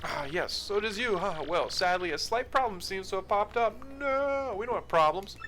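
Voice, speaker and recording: A man's voice: high voice, expressive, normal speed, fairly bright tone, soft background music, voice pushed up. A man voicing a boastful, vain male explorer with a fancy accent, talking in a pompous, grandiose way.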